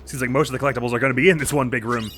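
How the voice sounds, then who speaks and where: A man's voice: medium pitch, steady tone, racing, music in the background. A man hosting a let's play, chatting playfully over the game and making goofy sound effects. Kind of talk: gameplay commentary.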